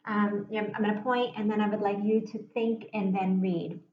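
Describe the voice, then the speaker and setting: A woman teacher giving a slow, patient phonics lesson to young children, sounding words out and inviting them to read along. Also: medium pitch, level tone, slight background noise. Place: room at a whiteboard. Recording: echoey room, dull muffled sound.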